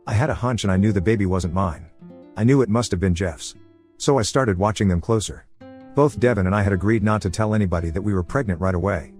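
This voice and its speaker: A man reading an online story aloud in a casual first-person way, over soft guitar music. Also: lowish voice. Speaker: story narrator. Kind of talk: reading a reddit post aloud.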